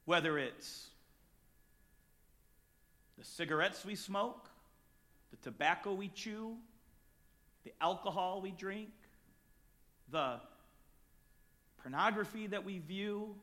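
A man preaching a sermon, moving between quiet, close talk and sudden loud, emphatic shouts. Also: sits high, animated, takes it slowly, long pauses.

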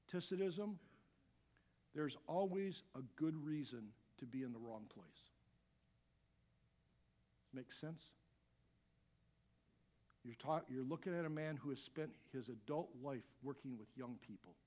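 A middle-aged man preaching a sermon as a pastor, animated, dropping to quiet asides and rising to loud shouts. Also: medium pitch, slow pace, long pauses.

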